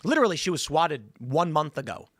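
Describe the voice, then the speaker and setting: A man hosting a political talk show, arguing his case intensely and building to loud, emphatic peaks. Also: a little high, big pitch swings, brisk, no room sound, clean studio sound. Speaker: podcast host.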